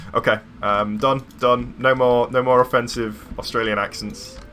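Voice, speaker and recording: A man's voice: mid-range voice, steady tone, measured pace, bright, forceful tone, a little hiss or hum. A man live-streaming a building game, chatty and rambling, with playful sound-effect interjections. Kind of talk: casual live game commentary.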